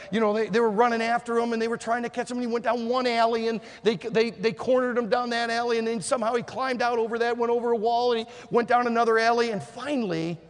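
High-voiced preacher in an echoing hall. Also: male voice. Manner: storytelling, swinging between hushed and shouted. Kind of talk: sermon. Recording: long hall reverb.

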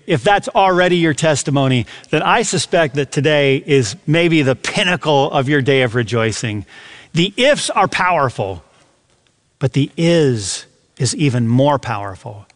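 A man hosting a religious radio program, preaching earnestly and slowing down to stress key words. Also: fairly high pitch, animated. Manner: earnest, deliberate emphasis with slowed key words. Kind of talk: sermon.

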